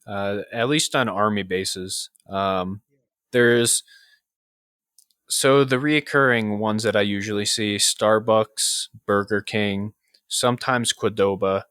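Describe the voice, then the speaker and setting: Young upstate new york dude chatting on a podcast, lots of likes and swearing, kinda low voice. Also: male voice, steady tone, slow, a bit bright, clear, resonant tone, no room sound, clean studio sound. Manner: casual, swears a lot, many fillers. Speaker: podcast co-host. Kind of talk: casual chat.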